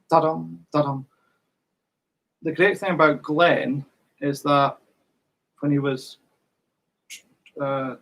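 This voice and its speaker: A man's voice: mid-range voice, vocal fry, slightly rough, poor audio. A man teaching fiddle in an online workshop, patiently counting in and singing rhythms.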